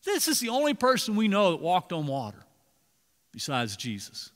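A man preaching a sermon as pastor, animated, swinging between loud emphasis and hushed asides. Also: high voice, moderate pace. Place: church sanctuary. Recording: long reverb in a large hall.

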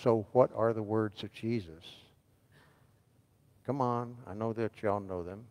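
A man's voice: fairly low pitch, a little slow, a little mellow. A man, a pastor preaching a sermon in a church, calling on the congregation to answer and repeat verses after him. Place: church sanctuary. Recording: long hall reverb.

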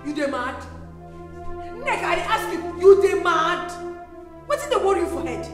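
An actress playing an angry young Nigerian nurse who shouts in Pidgin in a film drama. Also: female voice, very high voice, sing-song, rapid-fire, heavily acted. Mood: furious. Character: furious young hospital nurse, confrontational. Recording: echoey room with long reverb. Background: film score music.

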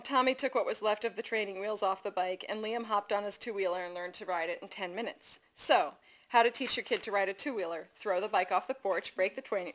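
A middle-aged woman reads her own family stories aloud at a literary event. She keeps it lively, slips into amused asides to the room, and raises her pitch when she voices her children. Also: low-quality recording. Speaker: author reading from her memoir. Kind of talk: live reading of personal essays. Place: festival reading event before an audience.

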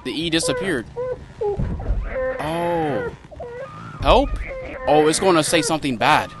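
A man's voice: fairly high pitch, wildly swooping pitch, takes it slowly, creaky. A young man commenting as he plays a horror game, thinking aloud, talking to his viewers and yelping when startled. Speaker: gaming channel host. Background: game music.

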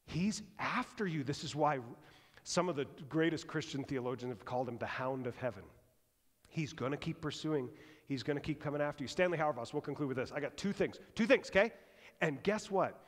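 A man preaching a sermon as pastor, conversational and animated, swinging between loud and hushed. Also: a little high, a little fast. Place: church sanctuary. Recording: long church reverb.

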